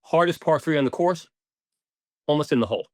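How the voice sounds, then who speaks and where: A man, a podcast guest, telling stories in a casual, animated way, swearing now and then and acting out what people said. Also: fairly high pitch, a little fast, dry recording, studio quality. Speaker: podcast guest, ball marker maker. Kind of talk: casual storytelling interview.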